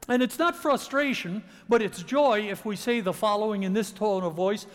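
A man's voice: high-pitched, animated, moderate pace, hardly any pauses. A male pastor delivering a sermon, leading a prayer and then preaching with rising emphasis in a church. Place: church sanctuary. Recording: long church reverb.

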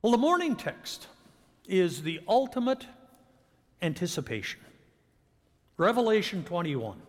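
A man's voice: high-pitched, big pitch swings, measured pace, pauses often. Man preaching in a reverberant church. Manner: prays then preaches with rising emphasis. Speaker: pastor. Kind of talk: sermon. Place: church sanctuary.

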